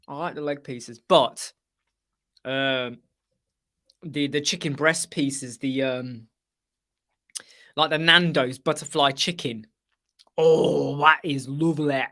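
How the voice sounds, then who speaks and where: A man's voice: on the high side, sharp tone. A man hosting a live web chat, rambling casually and mimicking other people's voices as he tells anecdotes.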